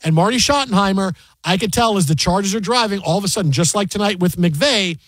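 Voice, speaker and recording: A man's voice: sits high, quick pace, no echo. A man hosting a sports radio show, animatedly telling a story in casual chat. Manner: animated storyteller, acts out other voices. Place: radio studio.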